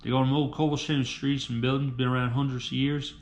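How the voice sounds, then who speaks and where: A man's voice: mid-range voice, level tone, fairly quick, a little hiss or hum, close to an everyday voice. A man voicing a proud Philadelphia local with a Philadelphia accent and a boastful manner.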